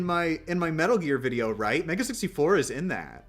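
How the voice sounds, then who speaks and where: A man's voice: fairly high pitch, sing-song, fairly quick. A man chatting casually on a live stream, rambling and self-mocking with lots of restarts.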